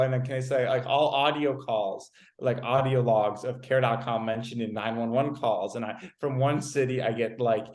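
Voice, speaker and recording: A young man in his twenties, a podcast guest telling a story in a casual, animated way, often stumbling over repeated words. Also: medium pitch. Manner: animated, repeats words, many "like"s, acts out quoted exchanges. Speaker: interview guest.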